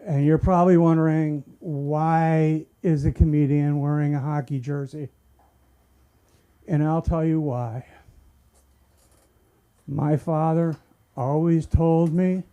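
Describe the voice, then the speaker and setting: A male stand-up comic at a comedy club open mic, delivering deadpan, self-deprecating jokes. He speaks slowly and deliberately, and his voice sits a little high. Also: smooth. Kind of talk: stand-up set.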